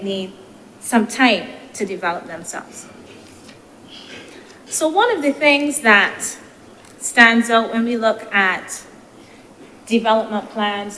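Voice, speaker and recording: A woman senator giving a measured, deliberative parliamentary speech, posing rhetorical questions, into a desk microphone in a legislative chamber. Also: mid-range voice, fairly bright tone. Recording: reverberant chamber with faint noise.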